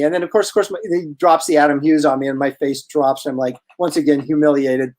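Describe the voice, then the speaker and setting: A man hosting a livestream, telling a casual anecdote in a lively way with halting restarts. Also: fairly high pitch. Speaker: host.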